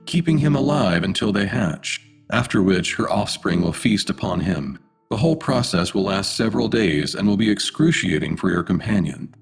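Alien envoy with a machine-like delivery, low and gravelly, formal threats; a man voicing it. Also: heavily acted. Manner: flat, menacing, formal. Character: cold robotic alien messenger voice.

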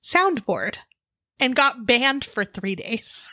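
A woman's voice: fairly high pitch, sing-song, slow pace, sharp tone, no echo, studio quality. A woman co-hosting a casual podcast, chiming in with short, easygoing reactions and laughs. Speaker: podcast co-host. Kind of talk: casual chat.

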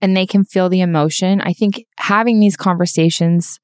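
A woman's voice: on the low side, steady tone, normal speed, a little mellow, clear, resonant tone, no echo, studio quality. A woman co-hosting a podcast, talking earnestly and encouragingly through examples in casual conversation. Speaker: podcast co-host.

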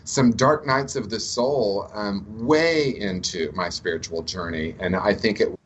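A man's voice: lowish voice, unhurried, slightly rough, highs cut off. A man speaking as an interview guest about recovery, telling reflective spiritual stories in a conversational way. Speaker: guest, addiction recovery teacher.

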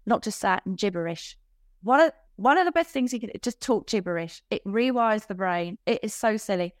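Chatty, quick-laughing woman on a dry recording. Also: mid-range voice, lively intonation, dry recording. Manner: chatty, laughs easily, self-deprecating asides. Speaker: business coach guest. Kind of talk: casual podcast interview.

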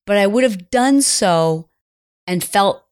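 A woman's voice: medium pitch, expressive, takes it slowly, a little mellow, smooth. A middle-aged woman hosting a podcast, telling a personal story in an earnest, confiding way that sometimes drops to a near whisper. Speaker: podcast host.

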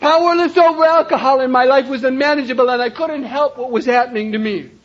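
An older man from Cleveland telling his own recovery story to a meeting, emphatic, swinging from shouts down to quiet lines. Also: fast. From Cleveland, Ohio, USA. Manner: emphatic, raises voice to a shout then drops low. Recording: dull lo-fi recording.

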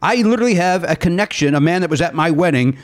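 A man's voice: a little high, fast. A man hosting a casual comedy podcast, telling stories and acting out the people in them with raised voices. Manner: animated storyteller, acts out quotes in raised voices. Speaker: podcast host.

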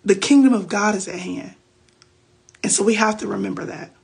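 A woman's voice: mid-range voice, unhurried, gravelly, long pauses, breathy edge. A woman hosting a faith podcast, giving casual Bible teaching on a phone livestream in a chatty, preachy way with loose slang.

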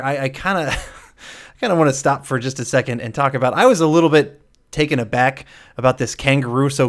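Man, podcast host, casual movie chat, blunt, curses freely, middle-pitched voice.

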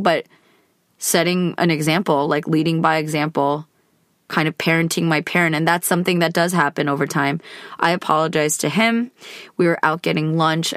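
A woman with a fairly low-pitched voice tells a personal story on her podcast, candid and unguarded. She talks conversationally and leans on loose hedges as she goes. The sound is close and dry, with no room behind her. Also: no room sound. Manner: candid and conversational, with frequent hedging fillers. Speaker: podcast host.

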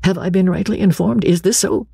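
Grave, measured gentleman officer for a period audiobook, voiced by a woman, lowered voice, raspy and gravelly. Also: big pitch swings, dry recording, full character voice. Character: calm earnest middle-aged gentleman colonel.

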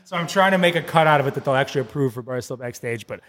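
A man co-hosting a casual podcast, telling an animated story, laughing often and acting out what people said. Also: medium pitch, very fast, in a large hall. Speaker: podcast co-host.

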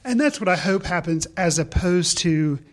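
A man in casual conversation about a film, animated and quick to laugh, often restarting his sentences. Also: sits high, a crowd in the background. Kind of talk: casual movie discussion.

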